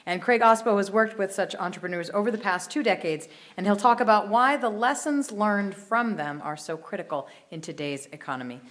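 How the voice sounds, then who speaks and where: A woman's voice: mid-range voice, brisk, hardly any pauses, fairly bright tone. Lady host reading out the next speaker's intro at a conference, adds little offhand comments. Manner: reads a prepared introduction with light asides.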